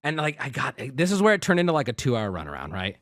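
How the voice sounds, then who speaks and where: This thirty-something streamer tells his viewers about a maddening customer service call, profane and animated, quoting each side. He speaks fast in a mid-range voice, recorded in studio quality without room sound.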